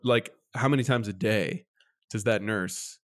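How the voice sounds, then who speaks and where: A man co-hosting a podcast, telling a story in casual chat and jumping up in pitch when he acts out his exasperation. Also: unhurried. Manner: animated storyteller, jumps high when mimicking exasperation. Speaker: podcast co-host.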